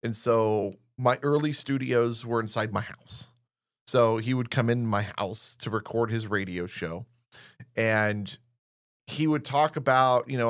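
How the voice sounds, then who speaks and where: A man's voice: lowish voice, measured pace. A man hosting a radio interview, telling a casual story and acting out the quoted dialogue in an emphatic way. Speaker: radio show host.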